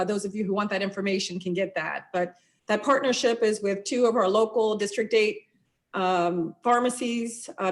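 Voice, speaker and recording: Woman council member moderating; halting, filler-heavy delivery, mid pitch. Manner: halting, many fillers and restarts. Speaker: host, local council member. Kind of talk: moderating an online event.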